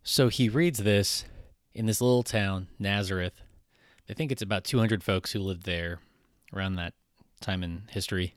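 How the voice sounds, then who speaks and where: A man's voice: lowish voice, normal speed, dry recording, clean studio sound. A man preaching a conversational sermon in a casual, irreverent way. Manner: casual, irreverent, with frequent fillers and restarts. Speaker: pastor.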